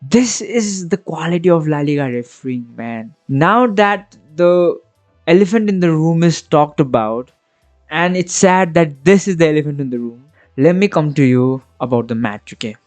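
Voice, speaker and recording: Over soft background music in a dry recording, a football fan channel host with a highish, darkish voice speaks at a moderate pace with lively intonation. Reacting on his vlog, he rants in an exasperated, passionate way and keeps tossing tag questions at the listener.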